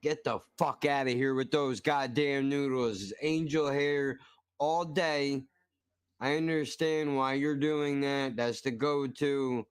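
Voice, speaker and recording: Smooth-voiced man ranting with profanity. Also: mid-range voice, steady tone, slow pace, no room sound, clean studio sound. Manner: profane, ranting, mock-outraged. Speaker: stream host reacting to a video. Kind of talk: casual reaction commentary.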